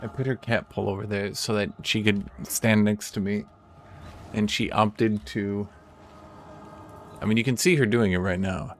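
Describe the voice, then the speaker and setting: Low-voiced joking male gaming streamer. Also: fairly even intonation, normal speed. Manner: joking, acts out goofy voices for characters. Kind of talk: casual gameplay commentary.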